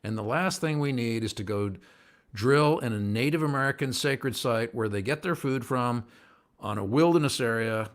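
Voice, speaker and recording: A man's voice: mid-range voice, moderate pace. A man hosting a casual livestream show, talking to viewers at home in an earnest, rambling way that sometimes gets worked up. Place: at home by a window, indoors.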